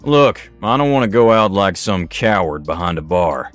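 A man voicing a gloomy, stubborn outlaw who speaks low and subdued. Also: sing-song, normal speed, dry recording, faint music behind. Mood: resolute.

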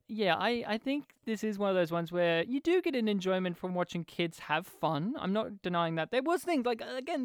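A man's voice: high voice, smooth, no room sound, clean studio sound. A man co-hosting a podcast, talking bluntly and swearing about a film, often laughing. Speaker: podcast co-host. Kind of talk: casual chat.

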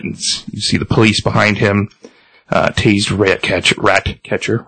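A man casually retelling a comic book scene, halting with many ums and restarts. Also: on the low side, little pitch movement, creaky, a bit bright, husky, dry recording, low-quality recording. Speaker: podcast host reading a comic aloud.

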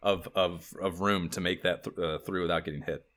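A man co-hosting a casual podcast chat, animated and profane, rambling as he talks. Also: deep voice, fairly quick, a little hiss or hum. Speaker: podcast co-host.

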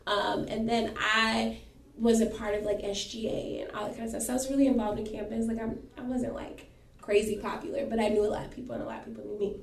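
A woman in her twenties telling a story in a casual chat, animated and acting out the people she quotes. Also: a little high, fast talker, creaky, far from the mic. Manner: animated, acts out quoted people, lots of fillers. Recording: echoey room, off mic, faint noise.

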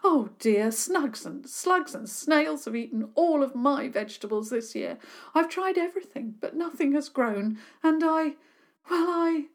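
A woman's voice: high voice, slow, hardly any pauses, a little mellow, pitched above the performer's own voice. A woman voicing a frazzled female gardener who sobs and apologises in a faltering voice. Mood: tearful.

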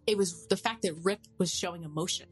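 A woman co-hosting a podcast, chatting casually and telling stories in an animated way. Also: lowish voice, quick pace, soft background music. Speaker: podcast co-host. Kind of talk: casual chat.

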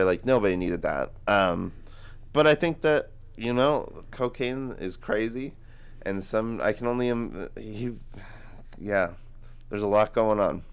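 A man's voice: lowish voice, clean tone. A man in his twenties co-hosting a book podcast, rambling casually with lots of filler words. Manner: rambling, heavy use of "like". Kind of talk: casual chat.

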